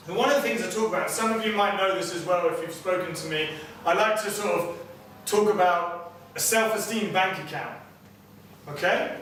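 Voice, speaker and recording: A man, a personal trainer giving an energetic motivational seminar who keeps checking in with his audience. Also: sits high. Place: seminar room with clients. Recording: very echoey room, distant mic, faint noise.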